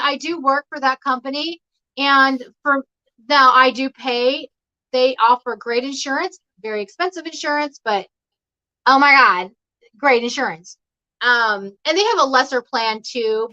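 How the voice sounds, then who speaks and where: Chatty woman guest, high bright voice, laughs a lot; dull lo-fi call audio. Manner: chatty, rambling, laughs often. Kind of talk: casual livestream chat. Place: home.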